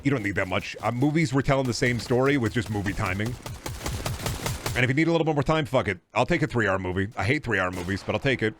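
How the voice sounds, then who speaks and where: A man's voice: medium pitch, expressive, quick pace, fairly bright tone, slight background noise. Profane rambling man streaming a game. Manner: rambling, profane, riffs into silly voices. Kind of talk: casual gaming stream chat.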